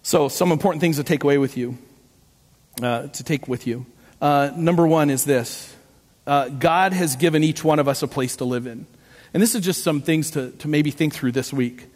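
With a voice on the high side at a moderate pace, a middle-aged pastor delivers a sermon through lively stories. He voices different characters and pokes fun at himself. The recording has a long, hall-like reverb.

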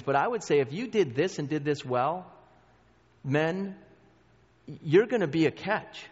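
Earnest man teaching in a reverberant hall. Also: a little high. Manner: earnest, conversational, direct address to the group. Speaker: Bible study teacher. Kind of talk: church teaching talk. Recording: dull sound with long hall reverb.

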